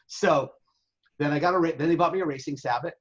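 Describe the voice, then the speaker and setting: A man telling profane, animated stories in a casual interview and acting out the people in them. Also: on the high side, quick pace, slightly rough, dull audio. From Southern California. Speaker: interview guest, sailing website owner. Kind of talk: casual storytelling.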